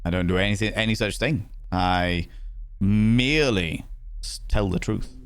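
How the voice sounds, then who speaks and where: A man chats through a let's-play with playful, casual commentary and the odd swear. His voice sits low but jumps up high whenever he is excited. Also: a little slow. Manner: chatty, playful, swearing, greeting chat. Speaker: streamer.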